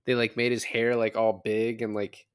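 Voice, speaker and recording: A man with a fairly low, level voice speaks at normal speed with a clean tone as he co-hosts a film podcast. He recaps movie scenes in loose, profane, casual chat, laughing along the way.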